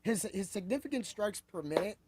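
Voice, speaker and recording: A man hosting a podcast, talking excitably about fights in a rambling way that keeps correcting itself. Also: sits high, a little fast, noisy background. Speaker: podcast host. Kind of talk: animated sports betting chat.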